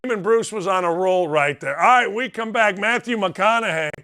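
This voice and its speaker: A man hosting a sports talk show, talking in a loud, excitable and emphatic way. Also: high-pitched, moderate pace, smooth. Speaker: show host.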